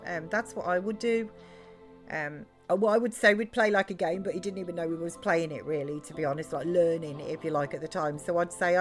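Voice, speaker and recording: A middle-aged British woman chatting loosely while streaming a game, rambling with many fillers and restarts. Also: on the low side. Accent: British English. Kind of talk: casual chat while live-streaming a game.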